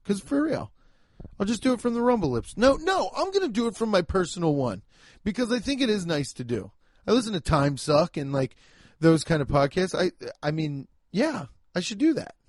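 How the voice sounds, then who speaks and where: A man hosting a comedy podcast, rambling casually with lots of swearing and sudden loud, emphatic bursts. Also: sits high, no echo, studio quality. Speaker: podcast host.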